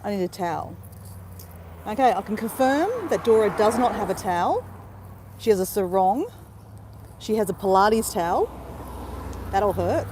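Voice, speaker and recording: A woman in mid pitch, chatting cheerfully to her viewers while out walking. She keeps calling them "guys" and rambles about what she packed. A faint hum of outdoor noise sits behind her phone-camera audio. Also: big pitch swings, normal speed, long pauses. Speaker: vlogger. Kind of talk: casual live-stream vlog. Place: outdoors by a beach and car.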